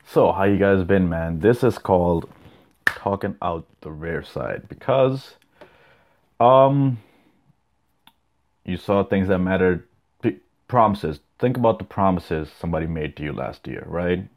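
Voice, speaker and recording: Deep-voiced, profane young man podcasting. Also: expressive, measured pace, long pauses, darkish tone. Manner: loose, profane, rambling, reacting to clips. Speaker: podcast host. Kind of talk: casual solo podcast chat.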